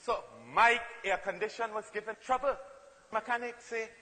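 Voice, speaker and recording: A man's voice: high-pitched, steady tone, moderate pace, sharp tone. A man from Trinidad with a Trinidadian accent, performing a playful comic monologue with strong emphasis and acted-out voices. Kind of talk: comic spoken-word performance. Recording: long hall reverb, faint noise.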